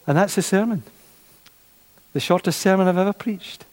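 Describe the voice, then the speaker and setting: A man preaching a sermon, animated, repeating his phrases and acting out the voices of doubters. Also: high-pitched, moderate pace. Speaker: pastor. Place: church. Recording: long church reverb.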